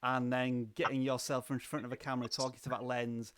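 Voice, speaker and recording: A man hosting a livestream interview, chatting enthusiastically with halting restarts. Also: medium pitch, level tone, background noise. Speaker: livestream host. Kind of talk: casual interview chat.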